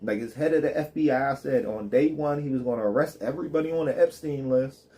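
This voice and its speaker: Man, casual profane rant, slangy and joking, mellow warm tone, mid pitch. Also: fast talker. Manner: loose, joking, street slang. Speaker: live streamer.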